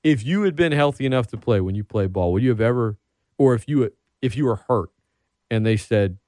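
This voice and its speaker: A man's voice: mid-range voice, a little fast, no room sound, studio quality. A man hosting a casual sports talk show, rambling and getting worked up as he talks. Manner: animated, rambling, gets worked up. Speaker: podcast host.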